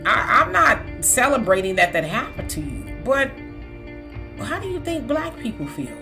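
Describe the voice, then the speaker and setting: A woman's voice: a little high, big pitch swings, moderate pace, sharp tone, faint music behind. A woman making a pointed argument in an opinion video to camera. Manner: pointed, lecturing.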